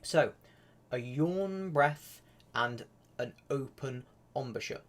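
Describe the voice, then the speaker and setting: A man's voice: mid-range voice, expressive, slow. A man giving a casual live-streamed flute lesson, chatty and full of fillers. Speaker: flute teacher.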